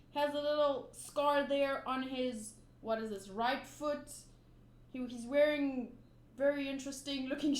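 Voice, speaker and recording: A woman casually reading through a manga aloud and commenting between panels in a chatty, gushing way. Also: high-pitched. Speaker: manga reader and channel host. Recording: roomy room echo.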